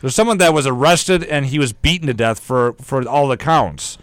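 A man's voice: mid-range voice, moderate pace, no room sound. A man hosting a casual, jokey news chat on a radio show, rambling between stories. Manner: rambling, jokey, breaks into mock singing.

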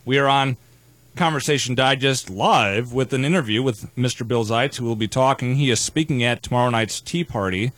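A man's voice: mid-range voice, normal speed, fairly bright tone, dry recording. A man hosting a live radio show in a studio, talking in a wordy, playfully pompous way with casual banter.

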